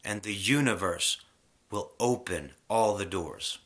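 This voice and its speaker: A man's voice: on the low side, slow, fairly bright tone. Man ranting, heated and preachy. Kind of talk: casual spiritual rant to camera.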